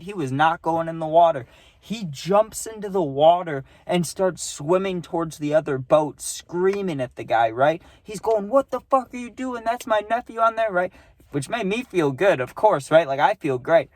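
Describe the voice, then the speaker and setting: A man's voice: a little high, no room sound. Chatty young man telling a story. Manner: rambling, animated, keeps tagging "right?". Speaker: vlogger. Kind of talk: casual storytime monologue.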